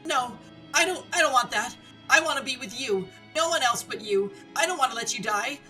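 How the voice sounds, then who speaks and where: A woman voicing a spirited, devoted young woman who pleads loudly and urgently, reading a visual novel aloud. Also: sits high, lively intonation, fairly quick, faint music behind, pitched above the performer's own voice. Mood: desperate.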